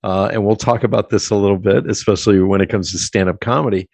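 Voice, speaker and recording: A man's voice: on the low side, steady tone, fast talker, vocal fry, a little mellow, dry recording. Chatty laughing podcast host man. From South Central Pennsylvania. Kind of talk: casual interview chat.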